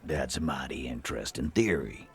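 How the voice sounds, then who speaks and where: An actor playing a hostile, mocking dockworker leader in a video game, with a very deep, raspy voice. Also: male voice, lively intonation, soft background music, full character voice. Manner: sneering, slow, mocking.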